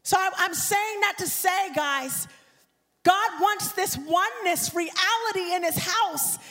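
A woman preaching as a guest speaker in a church, building fervently and breaking into shouts and a sung cadence on a handheld microphone. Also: very high-pitched, slow pace. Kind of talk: impassioned sermon. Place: church sanctuary. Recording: long church hall reverb.

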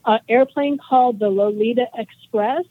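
A woman's voice: on the high side, moderate pace, a little hiss or hum. Earnest woman in her forties on a tinny line. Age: 40s. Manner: earnest, heartfelt, rambling. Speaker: guest. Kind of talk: casual interview chat. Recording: dry tinny phone-like line.

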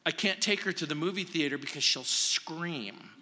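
A male pastor preaching slowly and deliberately, his high, bright voice carrying a long reverb through a large church hall. He leans on single words and often drops to a quiet, earnest tone. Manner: slow, emphatic preaching with long pauses, dropping soft for stress. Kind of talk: verse-by-verse sermon.

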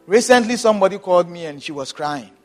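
A man's voice: high-pitched, expressive, quick pace, faint music behind. A man preaching a sermon, repeating his phrases and urging his listeners on with emphatic exhortation.

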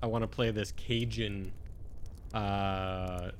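A man's voice: fairly low pitch, fairly even intonation, slow pace, slight background noise. A man co-hosting a casual chat who teases and laughs often. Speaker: podcast co-host and game master.

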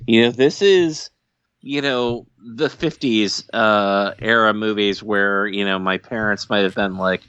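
A man's voice: on the low side, unhurried, a bit bright, clean tone, lo-fi sound. A man co-hosting a podcast in casual chat, rambling and self-deprecating, with lots of restarts. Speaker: podcast co-host. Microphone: podcast microphone.

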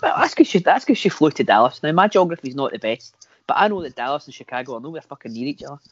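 A man's voice: fairly high pitch, big pitch swings, fast talker, muffled recording, a little hiss or hum. A man chatting on a podcast, telling dry, sweary anecdotes and restarting his phrases. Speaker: podcast guest. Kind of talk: casual chat.

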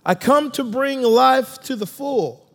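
A man preaching a sermon as pastor, his voice swinging from loud bursts to hushed lines. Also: extremely high pitch, lively intonation, slow, gravelly. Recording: long hall reverb.

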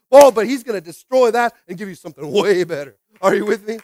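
A man preaching a sermon as pastor, repeating short phrases and calling for responses, swinging from quiet reading to loud exhortation. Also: high-pitched, expressive, fast, few pauses, dry recording. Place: church sanctuary.

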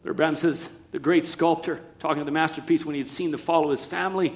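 High-voiced man preaching a sermon. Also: fast talker. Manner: emphatic, swinging between loud preaching and quiet asides.

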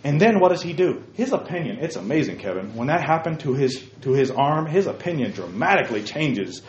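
A man teaching a Bible study to a group in an animated, emphatic way, heard in a roomy, dull lo-fi recording. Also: a little high, fairly quick, a little hiss or hum.

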